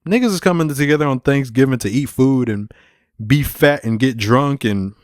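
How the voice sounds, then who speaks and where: A man's voice: medium pitch, normal speed, no room sound, studio quality. A young man hosting a solo podcast, rambling casually with lots of swearing and filler. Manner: profane, rambling, laid-back. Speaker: podcast host.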